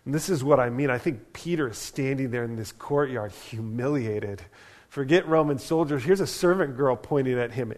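A man preaching to a church in a relaxed, conversational style. His voice sits in an ordinary middle pitch, and he talks animatedly with the crowd, dropping in casual asides. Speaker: pastor. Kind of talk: sermon.

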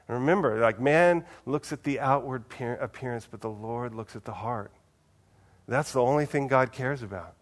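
Casual, animated male preacher. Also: mid-range voice, unhurried, long pauses. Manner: casual and animated, with big swings in loudness. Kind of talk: conversational sermon.

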